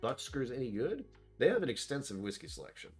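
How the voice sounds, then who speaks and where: A man's voice: mid-range voice, sing-song, quick pace, darkish tone, soft background music. A man hosting a casual whiskey tasting vlog, rambling and self-deprecating as he thinks aloud about what he smells and tastes. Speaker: whiskey reviewer.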